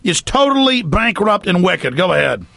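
A man's voice: sits high, sing-song, normal speed, gravelly, a bit bright, dry recording. A middle-aged man hosting a talk radio show, interviewing a guest in a fiery, emphatic, denouncing manner.

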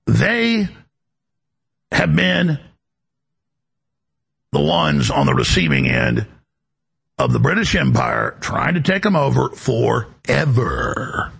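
A man's voice: medium pitch, wildly swooping pitch, slow pace, gravelly, long pauses, a bit bright, husky. A male talk show host delivering an emphatic, rambling political monologue, often repeating words as he goes.

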